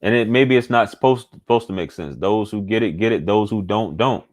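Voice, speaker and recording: A man's voice: on the low side, a little fast. A man, talking candidly and casually to his audience as a channel host, repeating points for emphasis. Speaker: channel host giving dating advice. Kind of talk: casual monologue to camera.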